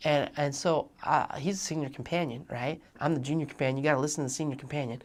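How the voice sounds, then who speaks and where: A young man telling a personal story in a talk, animated and acting out the dialogue of the people in it. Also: fairly high pitch, quick pace, few pauses. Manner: animated, acts out quoted dialogue. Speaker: speaker.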